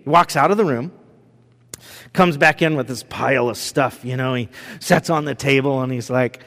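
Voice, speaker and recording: A man's voice: a little high, moderate pace, a bit bright. Chatty preacher man, echoing hall. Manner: conversational, storytelling with fillers and acted asides. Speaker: pastor. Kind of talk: sermon with personal story. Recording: long hall reverb.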